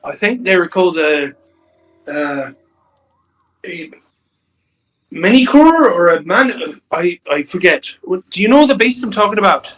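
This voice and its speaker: A man's voice: sits high, sing-song, unhurried, pauses often, fairly bright tone, heavily acted, rough recording. A man doing a wheedling, sugary pastor. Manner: pleading, sugary and conspiratorial. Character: wheedling middle-aged male pastor posing as a grieving father.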